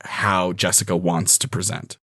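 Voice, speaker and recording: A man's voice: sits low, level tone, normal speed, bright, forceful tone, dry recording, studio quality. A man, a podcast guest who runs tabletop games, chatting casually and thinking aloud with lots of fillers. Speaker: podcast guest and dungeon master. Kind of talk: casual chat.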